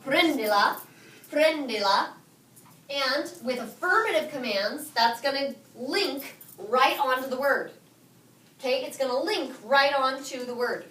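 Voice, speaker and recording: A woman teaching a high school Spanish class, quizzing her students and repeating their answers back to them. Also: unhurried, a bit bright. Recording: echoey classroom from far off.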